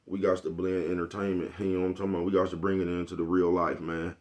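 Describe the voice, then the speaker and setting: A man's voice: deep voice, flat delivery, quick pace, a little mellow. A man, talking casually and profanely to his camera, rambling and asking "you know what I'm talking about?" over and over. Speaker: vlogger.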